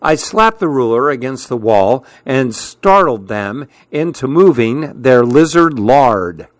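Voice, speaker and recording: A man hosting a program, reading a novel aloud with a measured storytelling delivery. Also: medium pitch, animated, dry recording.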